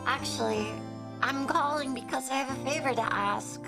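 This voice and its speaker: A woman voicing a calm, kindly older sister in a game, gentle and measured. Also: high-pitched. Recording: game music behind.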